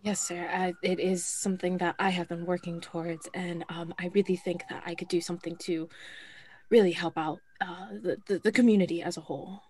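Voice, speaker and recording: A woman playing a tabletop game, earnest and eager with hesitant pauses. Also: fairly low pitch, fairly even intonation, a little mellow, no echo. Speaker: player.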